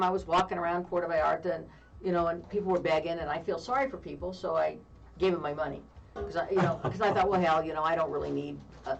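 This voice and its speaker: A woman in her fifties co-hosting a radio talk show, telling a long story in a lively way with frequent laughter. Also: low-pitched, gravelly, highs cut off. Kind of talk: casual on-air chat, storytelling. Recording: distant mic with faint background noise.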